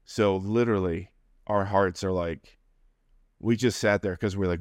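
Low-voiced man telling a personal story. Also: a little slow, no room sound, clean studio sound. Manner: animated, acts out quoted voices. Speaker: interview guest.

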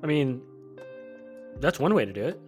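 A man co-hosting a casual podcast who chimes in with short, relaxed remarks. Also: mid-range voice, normal speed, faint music behind. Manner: laid-back, brief interjections. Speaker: podcast co-host.

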